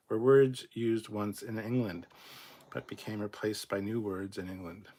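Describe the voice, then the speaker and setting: A man from Canada reading out viewer comments in a casual live chat, blunt and rambling, swearing freely. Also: fairly low pitch.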